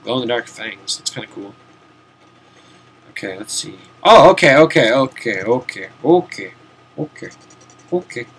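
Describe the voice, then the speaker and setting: A man's voice: mid-range voice, lively intonation, moderate pace, pauses often, slightly rough. Rambling young man streaming a game. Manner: rambling, self-mocking, swears casually, mutters to himself. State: tired, yawning. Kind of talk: casual let's-play commentary. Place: home room, seated at a desk.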